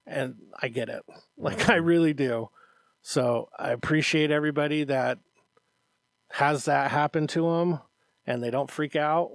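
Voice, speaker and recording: A man's voice: on the high side, measured pace, creaky, dry recording. Earnest male podcast host, dry close mic. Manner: earnest and encouraging, acts out parents' voices, often adds "Okay?". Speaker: martial arts instructor and podcast co-host. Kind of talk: casual podcast chat.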